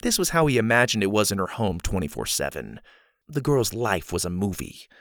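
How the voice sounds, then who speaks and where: A man narrating a children's adventure story in an expressive, storytelling manner. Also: lowish voice, brisk, dry recording. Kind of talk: audiobook narration.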